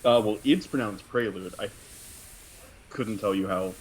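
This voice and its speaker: A man's voice: lowish voice, measured pace, slight background noise, low-quality recording. A man from Arkansas co-hosting a reaction show, chatting casually with dry, understated replies. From Arkansas, USA. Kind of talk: casual chat.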